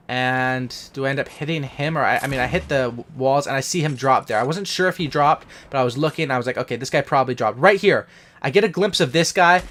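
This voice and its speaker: A man's voice: a little high, a bit bright, slight background noise. A young man hosting a gaming channel, talking casually and with hype through post-game commentary on his own match. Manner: hyped, casual gamer talk.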